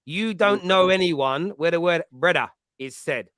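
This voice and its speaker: Male host, East London accent, slightly high voice, lively chat with laughs and restarts. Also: measured pace, smooth, dry recording, studio quality. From East London, England. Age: adult with a school-age child. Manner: animated, chatty, laughs often, frequent restarts. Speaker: fan podcast host. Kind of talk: casual chat, answering live chat comments.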